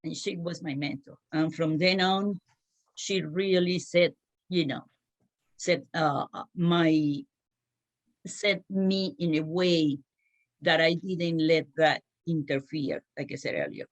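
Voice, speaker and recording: A woman's voice: sits low, fairly even intonation. Woman, storytelling. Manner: unhurried, storytelling with many hesitations. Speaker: panelist. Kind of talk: panel discussion.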